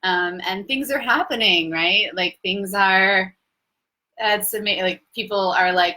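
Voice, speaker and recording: A woman's voice: mid-range voice, measured pace, bright, forceful tone, low-quality recording. A young adult woman hosting a live Q&A as a coach, talking in an effusive, spiritual way and laughing easily. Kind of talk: casual live-stream talk.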